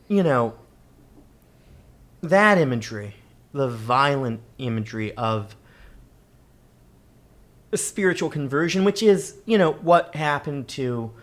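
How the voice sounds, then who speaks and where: A man as a podcast guest, speaking in casual chat. He is reflective and halting, pausing to search for words before finishing each thought. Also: medium pitch, animated, fairly bright tone.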